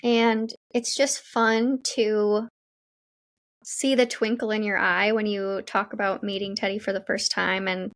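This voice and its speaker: A woman hosting a podcast, responding warmly and affirmingly to her guest in casual chat. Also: medium pitch, flat delivery, measured pace. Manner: warm, affirming listener. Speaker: podcast host.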